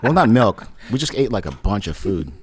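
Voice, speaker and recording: A man's voice: on the low side, very animated, moderate pace, slightly rough. A man co-hosting a podcast in casual chat, emphatic and laughing between phrases. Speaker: podcast co-host.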